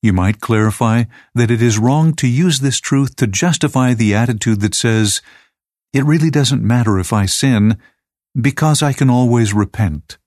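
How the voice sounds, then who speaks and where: A man reading aloud a teacher's lesson manual in a measured, even, scripted way. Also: medium pitch, dry recording, studio quality.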